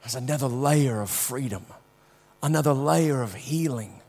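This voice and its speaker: This man's sermon is a personal story marked by big shifts between whisper-soft and loud passages, with frequent repeated words at the start of sentences. He speaks at normal speed in a mid-range voice, and the sound suggests a large room.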